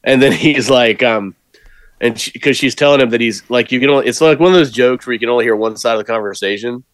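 A man's voice: medium pitch, fast, no echo. An American man co-hosting a podcast, rambling and laughing as he explains a film's jokes. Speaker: podcast co-host. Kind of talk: casual movie review chat.

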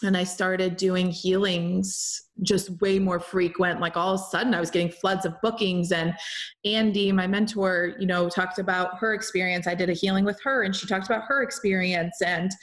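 A woman's voice: lowish voice, fairly even intonation, normal speed. A young woman hosting a show, telling a personal story in a loose, chatty way with lots of fillers and run-on sentences. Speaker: podcast host and healer. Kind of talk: casual storytelling monologue.

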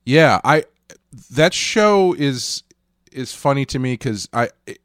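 A man's voice: mid-range voice, animated, slow pace, a bit bright, no echo, studio quality. A man co-hosting a podcast, chatting casually about a cartoon episode and thinking aloud with restarts and asides. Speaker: podcast co-host.

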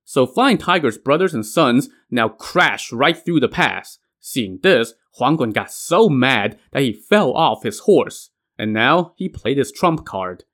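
A man's voice: medium pitch, animated, slow, few pauses, fairly bright tone. A man casually retelling an old myth in wry, colloquial narration as host. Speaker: storyteller.

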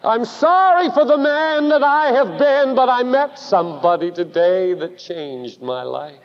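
A man's voice: extremely high pitch, animated, unhurried, pitched above the performer's own voice, full character voice. A man acting out a repentant father pleading with his wife in an emotional voice. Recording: dull recording with long hall reverb.

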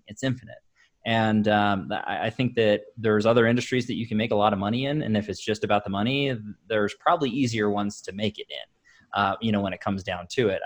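Affirming male host with a low voice. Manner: affirming, frequent encouraging interjections. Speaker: interview host. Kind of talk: podcast interview.

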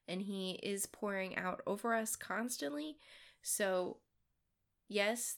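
A woman hosting a faith podcast, talking in an earnest, encouraging way with casual fillers. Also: mid-range voice. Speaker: podcast host. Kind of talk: devotional podcast talk.

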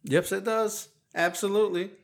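A man's voice: high voice, steady tone, normal speed, vocal fry. A man in his forties hosting a casual podcast, quizzing his young son playfully and teasing with frequent laughs. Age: 40s. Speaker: podcast host and father.

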